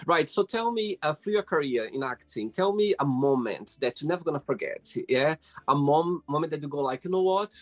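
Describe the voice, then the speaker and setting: A man's voice: fairly high pitch, lively intonation, moderate pace. A man hosting a casual interview, encouraging his guest and laughing often, with loose phrasing. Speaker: host. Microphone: video call.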